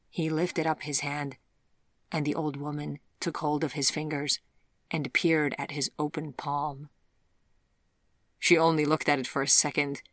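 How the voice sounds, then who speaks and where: A woman with a low voice narrates a fairy-tale audiobook, reading a script in a measured, even storytelling manner. The studio-quality recording has no room sound.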